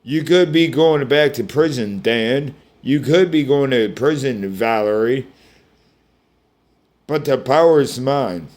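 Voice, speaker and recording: A man talks slowly and at an unhurried drawl in a middle-pitched voice, telling his side in a rambling vlog rant. He swears constantly, breaks off to restart sentences and turns to address the people he blames. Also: a little mellow. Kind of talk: angry personal rant.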